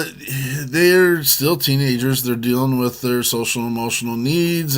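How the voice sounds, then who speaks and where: A man co-hosting a casual chat show, telling a long story with many restarts. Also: mid-range voice. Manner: rambling, warm storytelling with restarts. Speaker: co-host.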